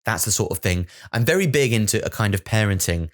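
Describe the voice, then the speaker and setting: A man's voice: fairly low pitch, animated, fast. A man hosting his own podcast, rambling through a sweary, self-mocking comic monologue. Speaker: comedian podcast host.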